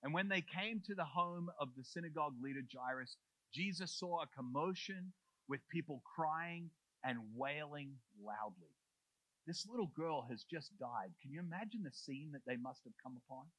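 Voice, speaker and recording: A man's voice: a little high, expressive, moderate pace, bright, forceful tone, no echo, poor audio. A male pastor preaching a conversational sermon in church, often saying "like" and retelling the story in his own words.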